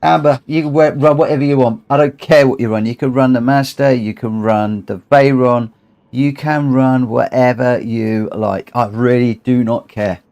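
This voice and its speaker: A man's voice: mid-range voice, steady tone, normal speed, darkish tone. Tired, emotional man streaming. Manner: emotional, rambling, repeats himself. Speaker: livestream host. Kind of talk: casual livestream chat over gaming.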